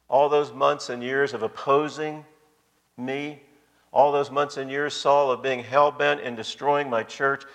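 A male preacher delivers a sermon with emphatic, insistent phrasing. He talks straight to his listeners at a middle pitch. His voice rings out with a long reverb tail, as in a large hall. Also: a bit bright. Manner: emphatic, addresses the congregation directly.

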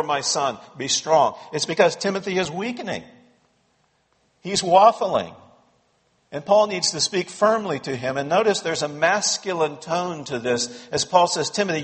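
Pastor, male, slightly high voice, emphatic expository preaching, reverberant sanctuary. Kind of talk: sermon. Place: church sanctuary.

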